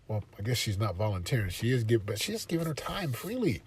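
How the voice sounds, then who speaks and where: A man's voice: lowish voice, big pitch swings, quick pace, few pauses, breathy edge, no echo. A man hosting a motivational parenting talk, passionate and emphatic, pressing his points home with force. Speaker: podcast host and parenting speaker.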